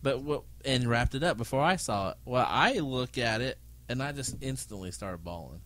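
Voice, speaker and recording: A man on a podcast, casually telling childhood stories in an animated way. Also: medium pitch, moderate pace. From United States. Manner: animated storyteller, mimics relatives with laughter. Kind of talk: casual chat.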